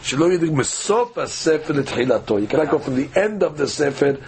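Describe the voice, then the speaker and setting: A man's voice: a little high, lively intonation, fast, darkish tone. A man teaching a daily Talmud class, reading the text aloud and translating it phrase by phrase with frequent hesitant fillers.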